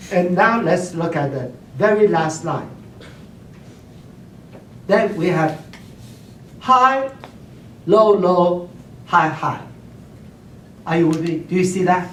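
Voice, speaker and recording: Slow-talking male teacher in a classroom. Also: a little high, recorded from a distance, slight background noise. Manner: keeps checking in with the class, hums and sings examples. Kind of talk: classroom lecture. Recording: roomy classroom recorded from afar.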